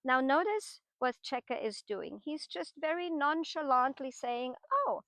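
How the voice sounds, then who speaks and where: A middle-aged horsemanship trainer teaches while working horses, patiently explaining each step and checking in with frequent tag questions. Her animated voice is a little high, a bit bright, and slightly slow. The recording sounds dry and close.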